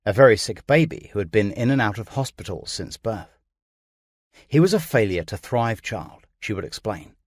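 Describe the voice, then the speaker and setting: Low-voiced man narrating true crime. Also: breathy edge, no room sound, clean studio sound. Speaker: audiobook narrator.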